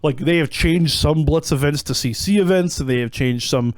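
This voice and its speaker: A man co-hosting a casual podcast, telling stories in a rambling, animated way with lots of fillers. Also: on the high side, normal speed, no echo. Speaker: podcast co-host. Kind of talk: casual chat.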